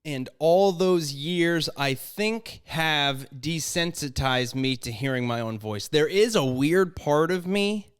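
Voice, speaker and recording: A young man co-hosting a podcast in casual chat, rambling and self-deprecating, with high tones he can drop low, talking into a studio mic in his apartment. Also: slow, few pauses, clean tone. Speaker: podcast co-host and editor. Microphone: studio microphone with headphones.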